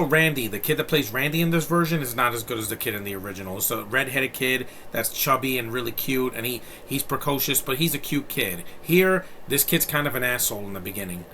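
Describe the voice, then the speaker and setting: A man's voice: medium pitch, sharp tone, a little hiss or hum. A man in his thirties from New York City, giving a casual and blunt film review, rambling with plenty of fillers and profanity. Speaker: movie reviewer.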